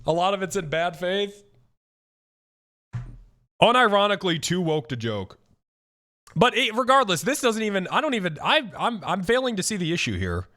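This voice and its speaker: A man's voice: high voice, normal speed, pauses often. A young man streaming casual reaction commentary, ranting and swearing with many restarts. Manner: animated, profane, ranting with frequent restarts.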